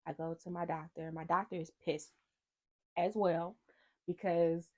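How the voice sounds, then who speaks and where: A woman vlogger telling a personal story in casual talk, animated, acting out what other people said to her. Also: on the low side, a little slow. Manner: animated, acts out quoted people in dialogue.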